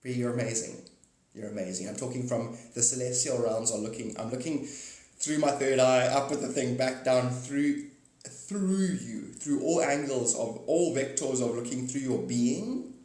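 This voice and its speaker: Guy rambling on a live stream, mid pitched, playful wordplay, lots of chuckles, echoey room. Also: normal speed, a little mellow. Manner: speaks straight to viewers by name. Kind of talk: rambling spiritual live chat. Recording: roomy echo.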